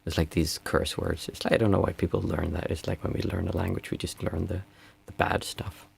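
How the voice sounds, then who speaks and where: Reading chat messages aloud in an unhurried, reflective manner, a meditation teacher from Sweden chats casually with his livestream viewers. His low voice stays level with a creaky quality, and there's a little hiss or hum.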